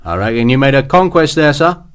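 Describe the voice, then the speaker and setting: A man's voice: medium pitch, animated, brisk, clean tone, lightly acted. A man voicing a tough, wry British army sergeant who talks bluntly and teases his officer. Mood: teasing.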